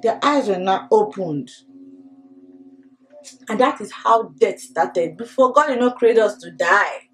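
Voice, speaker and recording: A woman teaching a children's Bible lesson with animated call-and-response and lots of repetition. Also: medium pitch, a little slow, pauses often, poor audio.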